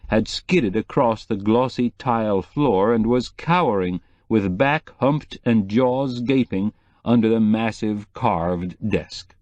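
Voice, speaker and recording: A man reading a cozy mystery audiobook in measured, even scripted narration. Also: lowish voice, dry recording, lo-fi sound.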